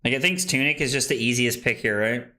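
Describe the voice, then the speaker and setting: A young man streaming a card game, chatting casually, excitable, laughing and swearing freely as he plays. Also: mid-range voice, quick pace. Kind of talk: casual live-stream chat while playing.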